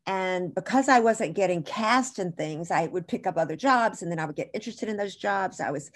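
A woman's voice: on the low side, expressive, a little fast. A woman guest in an interview, telling a long story in a chatty, digressive way and correcting herself as she goes.

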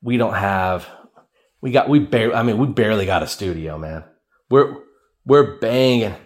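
On a budget podcast mic, a young man with a somewhat low voice talks at a normal speed through his solo comedic storytelling show. His delivery is animated and wandering, full of self-mockery and acted-out quotes.

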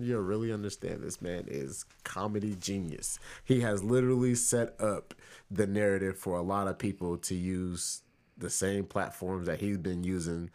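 Laughing podcast co-host man. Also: on the low side. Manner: laughs often, animated storytelling. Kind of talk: casual chat.

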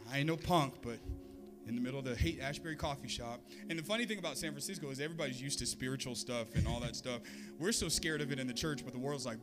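A man's voice: fairly high pitch, lively intonation, quick pace, a bit bright, soft background music. A man preaching a sermon as a pastor, telling a story with humor and acting out the voices of the people in it.

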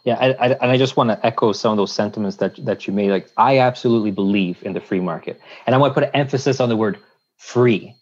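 A man from Canada, a lawyer guest on a podcast, building long measured points with analogies and restarts. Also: lowish voice. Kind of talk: casual conversational interview. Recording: dull lo-fi sound.

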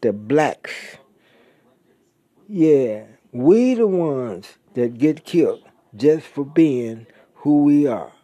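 A man delivering an angry, profane monologue as a podcaster, blunt and mocking, leaning hard on drawn-out words. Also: mid-range voice, lively intonation, mellow, no echo, muffled recording.

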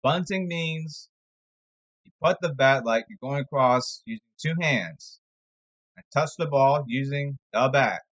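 A man's voice: mid-range voice, expressive, unhurried, a bit bright, highs cut off. A man giving a rambling, sarcastic sports commentary monologue, exasperated and jumping from topic to topic. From New York area.

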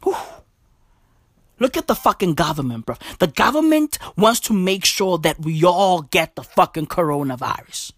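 A woman's voice: lowish voice, sing-song, moderate pace, dry recording, studio quality. A woman delivering a profane comic rant, full of slang, swearing and emphatic repeats. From South Africa.

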